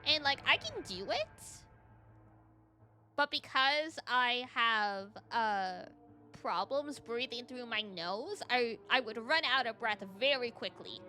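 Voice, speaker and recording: A young woman from Canada with a high, youthful-sounding voice, chatting quickly and giggling as a VTuber streamer. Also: expressive, sharp tone, faint music behind. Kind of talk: casual stream chat.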